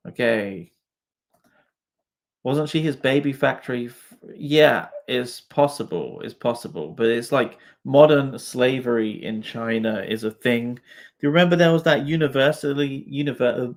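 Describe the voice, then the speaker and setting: Slow-talking man reading chat. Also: medium pitch. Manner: swears freely, laughs often, talks to comments. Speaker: live stream host reading chat. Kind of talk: casual live stream chat.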